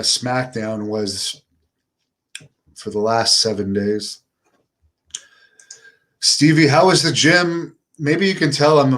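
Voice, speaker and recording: A middle-aged man from Canada hosting a casual live stream, answering viewer questions in a relaxed, unenthusiastic way. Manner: relaxed, low-key and unenthusiastic delivery.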